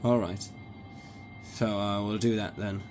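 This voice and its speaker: Male player, slow and halting, deep-ish voice, ponders each move aloud. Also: steady tone, darkish tone, soft background music. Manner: hesitant, thinking aloud with fillers. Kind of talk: tabletop game play.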